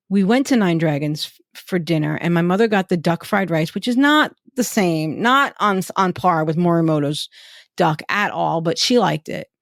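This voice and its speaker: A woman in casual podcast chat, telling trip stories with quick asides. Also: lowish voice, no echo, studio quality. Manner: chatty storyteller, quick asides. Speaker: podcast guest.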